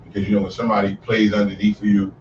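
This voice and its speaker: A man co-hosting a podcast, speaking earnestly and thoughtfully, building his point slowly. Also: lowish voice, monotone, a little mellow, slight background noise. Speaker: podcast co-host. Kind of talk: casual podcast conversation. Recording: echoey room, distant mic, dull sound.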